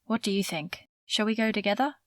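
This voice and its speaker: A woman's voice: medium pitch, no echo, lightly acted. Woman doing a kindly old bearded woodsman. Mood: hopeful. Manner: gentle, unhurried.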